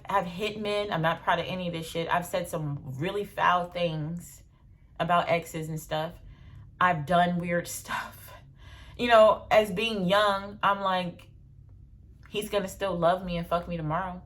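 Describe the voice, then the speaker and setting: A young adult woman, telling stories in a blunt, animated casual vlog with slang and swearing. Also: on the low side, a little slow. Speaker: vlogger.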